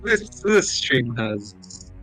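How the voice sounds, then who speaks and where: A man's voice: mid-range voice, very animated, drawn-out words, music in the background, low-quality recording. A man playing in a tabletop game, chatting casually and tossing in short exclaiming reactions. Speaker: player.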